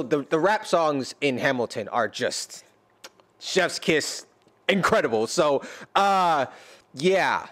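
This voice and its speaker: Excitable man reacting with restarts. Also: on the high side. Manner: excitable, repeats and restarts words. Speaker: rapper reacting to a musical. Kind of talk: reaction commentary.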